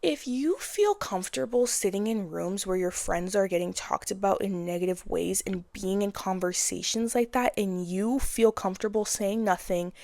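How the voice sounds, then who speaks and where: A woman's voice: mid-range voice, moderate pace, gravelly, hardly any pauses, darkish tone, no echo. A woman in her twenties giving frank, casual advice in a blunt monologue, with slang and swearing. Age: 20s. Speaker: vlogger.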